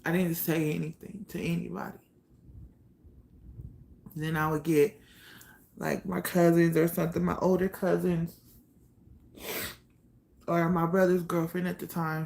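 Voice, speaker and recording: A woman telling a painful personal story to camera, halting and soft-spoken, trailing off with pauses and sighs. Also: lowish voice, little pitch movement, vocal fry.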